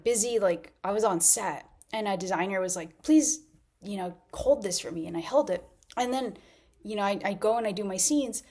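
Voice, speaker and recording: A woman from Mexico, an actress, chatting casually in a vlog, rambling and laughing often. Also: medium pitch. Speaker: actress and content creator.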